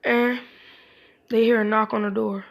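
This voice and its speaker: A woman's voice: on the high side, little pitch movement, measured pace, gravelly. A woman casually retelling a fan-made story, rambling with many restarts and self-corrections.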